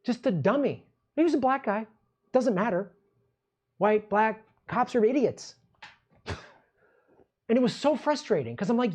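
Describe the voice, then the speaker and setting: A man's voice: sits high, sing-song, normal speed, darkish tone, husky, lo-fi sound. A man hosting a political commentary show, ranting in an angry, sarcastic and profane way.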